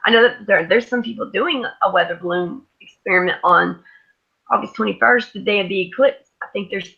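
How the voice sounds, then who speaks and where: A woman's voice: medium pitch, fairly quick, gravelly, sharp tone, husky, highs cut off. A woman on an online group voice call, joking around and swearing casually, laughing often.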